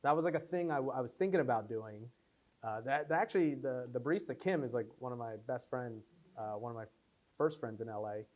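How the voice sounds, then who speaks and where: This man speaks with a medium-pitched, slightly mellow voice at a somewhat fast clip. He's the filmmaker at a relaxed Q&A after a screening, answering the audience in a screening room with loose, rambling stories packed with fillers, acting out his own quotes.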